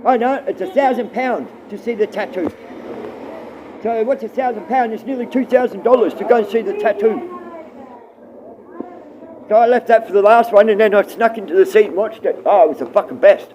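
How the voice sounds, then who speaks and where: Man, middle-aged, high voice, rambling livestream chat, blunt, swearing. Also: a little fast, long pauses, mellow, dull audio, a little hiss or hum.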